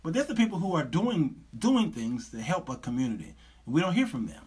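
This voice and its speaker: Husky-voiced preachy male talk host. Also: a little high, big pitch swings, a little fast, darkish tone. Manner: preachy, lecturing, laughs often. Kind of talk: casual livestream talk to viewers.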